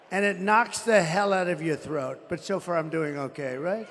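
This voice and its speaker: A man in his seventies speaks on a stage mic in a large venue, with a high, gravelly voice. He rambles off the cuff, boasting and grumbling about his surroundings. His voice rings with long reverb over a faint ambient murmur. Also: normal speed, hardly any pauses, a bit bright, slight background noise. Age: 70s. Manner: irritated, swearing and grumbling. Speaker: political rally speaker. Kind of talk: rally speech. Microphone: stage microphone over PA.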